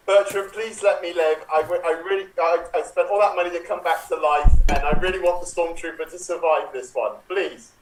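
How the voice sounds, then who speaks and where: A man's voice: on the high side, a little fast, hardly any pauses. A man improvising a comic scene, begging in a whiny way, heard through an echoey distant mic with faint hiss. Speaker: improv player.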